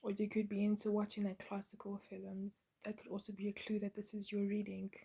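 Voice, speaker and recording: A woman giving a channeled spiritual card reading in a soft, half-whispered, halting way, with many pauses. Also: medium pitch, completely flat delivery, creaky, husky. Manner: soft, gentle, halting with fillers. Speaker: intuitive card reader.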